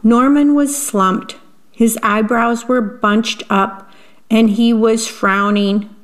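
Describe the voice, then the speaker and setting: Woman storyteller for children's read-aloud, slow unhurried delivery, describes the pictures. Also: a little high, steady tone.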